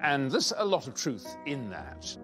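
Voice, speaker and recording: A man's voice: medium pitch, sing-song, measured pace, music in the background. A man giving confident, emphatic opinions in a documentary interview.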